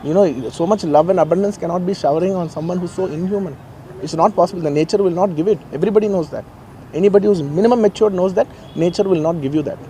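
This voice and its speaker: Fast-talking earnest man, Telugu-accented English. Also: high voice, dark tone, slight background noise, poor audio. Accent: Telugu-influenced Indian English. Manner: earnest, repetitive, pleading insistence. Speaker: actor addressing the press. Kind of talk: press conference statement. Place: outdoors in a garden.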